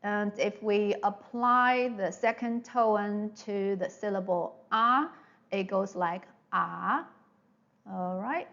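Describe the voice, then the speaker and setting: Her voice is mid-range, steady and fairly bright, and she takes it slowly, though the audio is dull. She leads a slow online Mandarin pronunciation lesson, patiently repeating, drawing out sounds as demonstrations and frequently checking "all right?"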